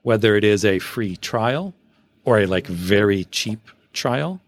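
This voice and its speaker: A man's voice: fairly low pitch, animated, unhurried, no room sound. A man hosting a podcast, explaining tools step by step in casual chat, spelling out names and giving frank opinions. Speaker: SEO podcast host.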